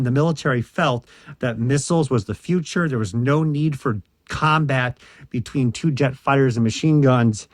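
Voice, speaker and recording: A man's voice: medium pitch, a little mellow, no echo, studio quality. A man chatting casually through a toy-unboxing vlog, full of joking asides and the odd sound effect. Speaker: toy collector unboxing his collection.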